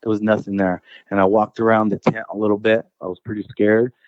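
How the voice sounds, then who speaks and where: A man's voice: fairly low pitch, level tone, fairly quick, no echo, lo-fi sound. A man casually telling a personal encounter story as a guest. He rambles, restarts his phrases and keeps saying dude and bro.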